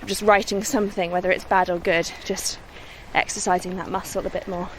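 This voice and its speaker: A woman's voice: medium pitch, level tone, brisk, slight background noise. A young woman from the West Midlands, a singer-songwriter, chatting modestly and laughing easily as she is interviewed on a countryside walk. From West Midlands, England. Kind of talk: casual outdoor interview on a walk. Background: faint outdoor ambience and distant vehicles.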